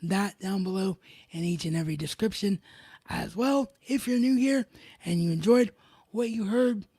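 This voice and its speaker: A woman's voice: mid-range voice, normal speed, warm tone, husky, no room sound. A woman hosting a live solo review of a wrestling show, enthusiastic and fond of repeating emphatic words.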